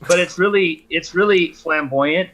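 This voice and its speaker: A man's voice: on the high side, moderate pace, fairly bright tone, a little hiss or hum. A man playing a tabletop game, talking casually and hesitantly as he works out and describes his character's attack. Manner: hesitant, with many fillers and restarts while describing his move. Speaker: player.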